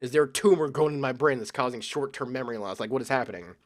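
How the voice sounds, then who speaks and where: A man's voice: mid-range voice, fast talker, faint music behind. A young man commenting casually on a game, rambling and stammering, swearing often. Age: young adult. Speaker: let's player.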